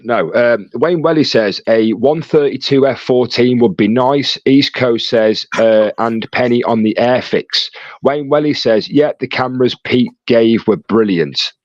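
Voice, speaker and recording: A man hosting a live stream, reading chat messages aloud with quick joking asides. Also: medium pitch, no echo. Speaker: livestream host reading chat. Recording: dull lo-fi dry sound.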